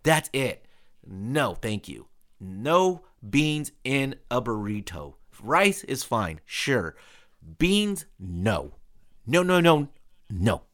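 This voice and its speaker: A man's voice: mid-range voice, sing-song, very slow, fairly bright tone. A man hosting a podcast in casual chat, blunt and emphatic, swearing casually. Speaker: podcast host.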